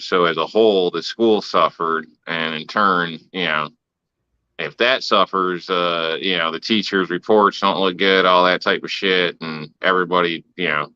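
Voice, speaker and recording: Man, deep voice, dry crisp sound, blunt profane rant, casual podcast. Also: steady tone, measured pace, sharp tone, dry recording, highs cut off. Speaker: podcast co-host. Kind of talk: casual chat.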